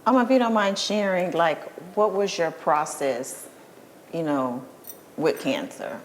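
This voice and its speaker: A woman hosting a podcast, gently asking her guests questions. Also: on the low side, measured pace, in a large hall, a little hiss or hum. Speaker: podcast host. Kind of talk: interview questions.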